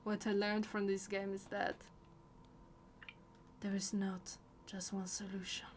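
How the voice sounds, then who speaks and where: A woman talking through a game in soft, earnest, confessional commentary, sometimes dropping to a whisper. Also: medium pitch, completely flat delivery, a little slow, background noise. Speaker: gameplay streamer. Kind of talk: reflective gameplay commentary. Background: loud game music.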